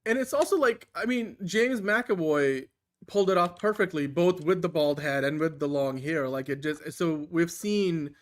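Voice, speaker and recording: A man's voice: fairly high pitch, moderate pace. A man co-hosting a pop-culture podcast, chatting loosely and casually with lots of filler. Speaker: podcast co-host. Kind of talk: casual chat.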